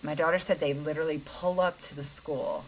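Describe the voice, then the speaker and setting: A middle-aged woman with a low voice co-hosts a chatty podcast. She tells a long story and acts out what others said, laughing often. A faint hum of room noise sits under her voice. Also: steady tone, brisk, rough recording. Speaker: podcast co-host. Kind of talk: casual chat, animated storytelling.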